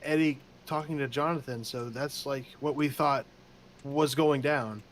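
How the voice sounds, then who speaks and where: A man in casual chat, talking quickly in a slangy, offhand way. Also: mid-range voice, fairly even intonation, a little hiss or hum, poor audio. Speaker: fellow role-player.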